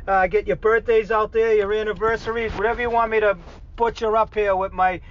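A man's voice: sits high, level tone, brisk, dull audio, a little hiss or hum. A middle-aged man with a Boston accent giving a rambling, casual weekly update, full of fillers and restarts. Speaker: regular segment contributor.

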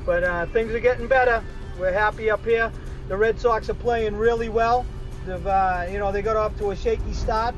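Rambling Boston man, high flat voice. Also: muffled recording. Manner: rambling, many fillers and restarts. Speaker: regular segment contributor. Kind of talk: casual phoned-in update.

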